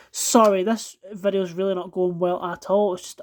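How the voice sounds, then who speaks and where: A woman's voice: lowish voice, level tone, normal speed, hardly any pauses, a little mellow. A Scottish woman filming a casual unboxing vlog at home, swearing a lot in exasperation and apologizing for it as she goes. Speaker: toy collector reviewing die-cast cars. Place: at home, indoors on a carpeted floor.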